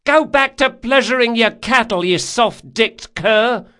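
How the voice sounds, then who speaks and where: A man voicing a brash, foul-mouthed young girl who pilots a rowing boat and shouts insults in an audiobook. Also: very high-pitched, unhurried, smooth, pitched above the performer's own voice, heavily acted. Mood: jeering.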